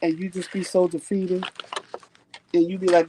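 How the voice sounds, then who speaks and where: A woman hosting a vlog, telling viewers a story in a casual, animated way and often repeating phrases for emphasis. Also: fairly low pitch, normal speed, slight background noise. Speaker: vlog host.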